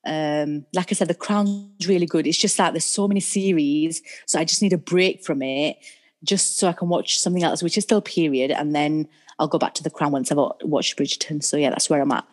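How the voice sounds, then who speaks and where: A young woman with a Northern English accent co-hosts a podcast, chatting casually and with enthusiasm. Her voice sits low and steady, and she talks fairly quickly.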